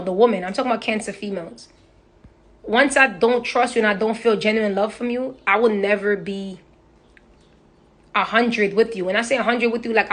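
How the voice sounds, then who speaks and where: A woman's voice: mid-range voice, fairly bright tone. A young woman chatting bluntly and with profanity on a phone livestream. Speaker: social media personality. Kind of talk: casual livestream chat. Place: indoors, on a live stream.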